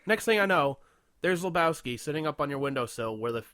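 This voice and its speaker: A man chatting on a podcast, his pitch swinging widely as he tells a story. He laughs often and swears freely. His voice sounds close and dry, with no room echo. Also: brisk. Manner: crude, laughing, animated storytelling. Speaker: podcast co-host. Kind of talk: casual chat.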